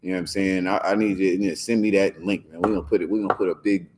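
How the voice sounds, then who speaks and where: A man's voice: sits low, steady tone, rapid-fire. A man leading a scripture class, talking in a slangy, rambling way and often asking "you know what I'm saying?". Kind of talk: casual talk in a religious class.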